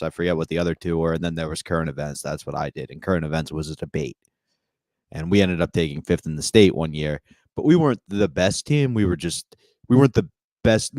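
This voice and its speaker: A man who is a stand-up comedian, co-hosting a podcast and telling rambling stories with deadpan jokes. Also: sits low, no echo, studio quality. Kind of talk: casual comedy podcast banter.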